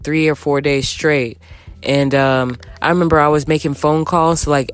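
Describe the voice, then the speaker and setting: A young woman telling a candid storytime to her viewers, chatty and animated, acting out quotes as she goes. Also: deep voice. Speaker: vlogger. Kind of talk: casual storytime.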